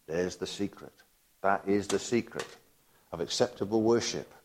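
A man preaching a sermon in a very deep voice, pressing his listeners with one rhetorical question after another. He weaves in passages of scripture read aloud between his own emphatic points. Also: normal speed, darkish tone, slight background noise. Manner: reads and quotes scripture aloud.

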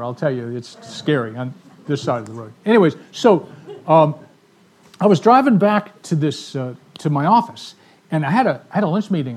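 A man telling stories in a sermon to a live audience, animated, acting out the voices of the people in his stories. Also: on the high side, breathy edge. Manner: animated storyteller, acts out quoted voices. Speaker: ministry speaker. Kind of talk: storytelling sermon talk.

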